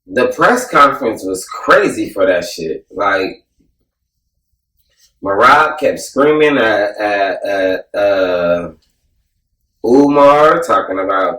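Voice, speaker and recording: A man hosting a casual, profane podcast chat, joking and animated as he recaps events. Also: fairly low pitch, slow pace, vocal fry. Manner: animated, joking, mimics people loudly. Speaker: podcast host. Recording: roomy sound, mic at a distance.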